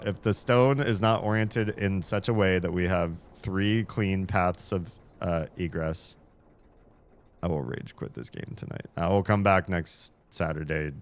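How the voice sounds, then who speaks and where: In smooth, measured tones, a man with a very low voice narrates his live-streamed puzzle game. Rambling and self-deprecating, he swears when frustrated but breaks into high, thrilled shouts once a solution works.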